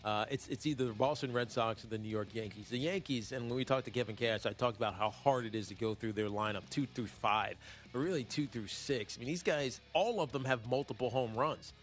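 A man hosting a sports talk show, rambling and joking in a casual, animated way with lots of fillers. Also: medium pitch, a little fast. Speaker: sports radio host.

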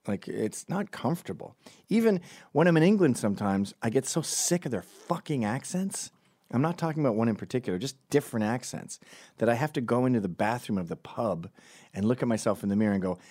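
A man hosting a comedic political monologue, sardonic and animated, slipping in and out of mocking impressions and swinging between loud and hushed delivery. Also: fairly low pitch, a little fast, dry recording, studio quality.

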